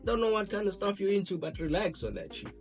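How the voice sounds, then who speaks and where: A man's voice: high-pitched, fast talker, faint music behind. A young man casually reacting to a video, rambling in slang and talking to his chat. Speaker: reaction streamer.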